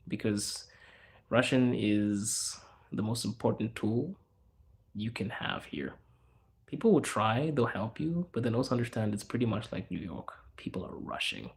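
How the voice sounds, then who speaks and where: A man from Zimbabwe hosting a casual livestream, chatting loosely with viewers and answering their questions in a relaxed, slangy, rambling way. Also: lowish voice, unhurried. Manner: relaxed, slangy, rambling with fillers and self-corrections. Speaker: livestream host.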